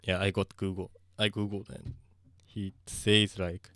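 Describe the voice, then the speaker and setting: A low-pitched young man speaks English with a Japanese accent in a loose live-stream chat. He stops and restarts often as he hunts for words, mixing in Japanese. The sound is dry and close, with no room echo. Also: little pitch movement, a little slow, sharp tone.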